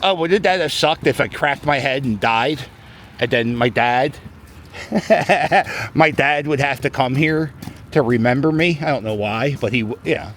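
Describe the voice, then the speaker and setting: A man's voice: mid-range voice, unhurried, a bit bright, slight background noise. A middle-aged man, vlogging outdoors on a snowy city plaza, talking chattily in a joking, rambling way into a handheld camera as he walks. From Philadelphia. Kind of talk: casual walking vlog commentary.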